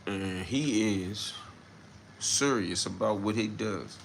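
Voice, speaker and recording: Gravelly slangy man talking on a livestream. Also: lowish voice, slow pace, a little hiss or hum. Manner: loose slangy commentary, greets viewers. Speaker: livestream host. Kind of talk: casual live-stream talk reading chat.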